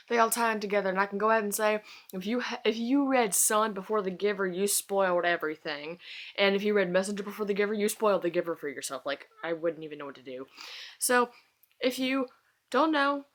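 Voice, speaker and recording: A young woman reviewing a book series in a casual vlog, gushing and exclaiming with fangirl excitement. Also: medium pitch. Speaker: book vlogger.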